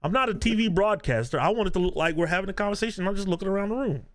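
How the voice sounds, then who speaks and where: A man co-hosting a podcast in casual chat, ranting with animated energy and laughing often. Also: high-pitched, very fast. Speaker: podcast co-host. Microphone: video podcast mic.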